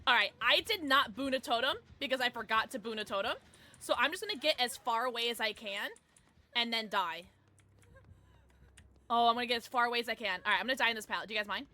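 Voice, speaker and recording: A woman live-streaming gameplay, talking to chat, excitable, shrieking and laughing, swearing freely. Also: a little high, fast. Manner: chatty, swears, thanks chat.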